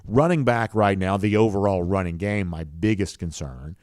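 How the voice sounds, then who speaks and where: A man's voice: low-pitched, normal speed, darkish tone, dry recording, studio quality. A man hosts a live show, reading viewer comments in an easygoing, rambling way with many fillers. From rural US South. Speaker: podcast host.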